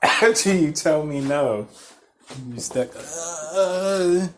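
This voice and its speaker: A man's voice: fairly high pitch, very slow, slight background noise. A young man telling a rambling, profane story in casual chat, laughing through it as a podcast host.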